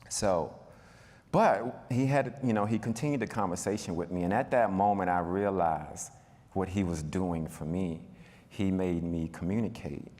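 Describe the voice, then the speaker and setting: A man on a panel telling a personal story, talking in a relaxed, conversational way with a lot of fillers. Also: low-pitched, slight background noise. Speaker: panel speaker. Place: event hall. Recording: reverberant hall.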